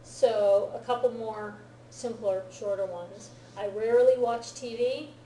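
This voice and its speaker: A woman's slightly high, mellow voice explains grammar to her students in a classroom lecture. She keeps checking that they follow her, and the room around her is roomy and echoey. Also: steady tone, measured pace, slight background noise. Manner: checks understanding often with "right?" and "okay?". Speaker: Japanese language teacher.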